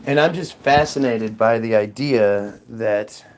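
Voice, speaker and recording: A man's voice: fairly low pitch, takes it slowly, noisy background. A man talking casually to the camera outdoors in freezing weather, rambling, swearing and stammering as he repeats himself. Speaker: vlogger.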